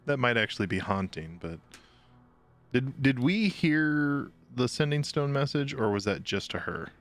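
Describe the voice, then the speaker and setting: A man playing a tabletop role-playing game, talking in a relaxed, casual way. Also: medium pitch, measured pace, faint music behind. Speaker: player.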